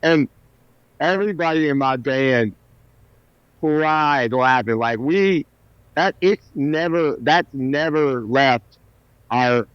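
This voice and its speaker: A man's voice: mid-range voice, slow, smooth, no echo. Man telling stories in a muffled recording. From South Carolina, US. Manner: animated anecdotes with self-deprecating humor. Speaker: musician guest. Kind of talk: casual interview storytelling. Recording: dull, slightly lo-fi sound.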